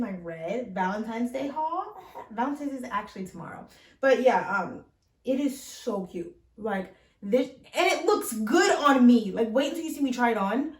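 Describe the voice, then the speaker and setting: A woman's voice: on the high side, a little mellow. A young woman chatting casually in a fashion try-on haul, bubbly and full of fillers, speaking from across the room. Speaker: fashion vlogger. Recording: roomy sound from far off.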